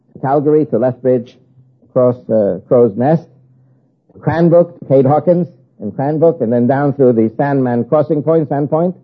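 An older man from the United States giving an emphatic preaching talk to an audience, with a husky voice and hammering, repeated lists. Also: medium pitch. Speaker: guest speaker. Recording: tinny phone-like recording.

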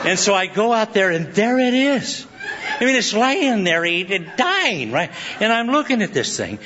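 A man's voice: sits high, sing-song, moderate pace, a crowd in the background, noisy background. A man preaching a sermon, telling a rambling personal story with frequent laughter and restarts. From Southern California. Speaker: pastor. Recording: dull lo-fi sound.

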